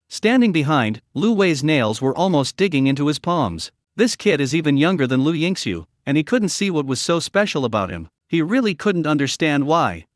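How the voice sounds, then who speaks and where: A male narrator recounts a comic story in a dramatic storytelling manner. His voice sits a little high and moves in lively swings of pitch. The recording is dry and close, with no room echo. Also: moderate pace, few pauses.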